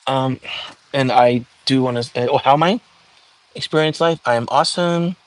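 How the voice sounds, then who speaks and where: A young man runs a casual livestream from home, reading viewer comments aloud and chatting back easygoingly. His mid-range voice moves at a moderate pace, with no echo.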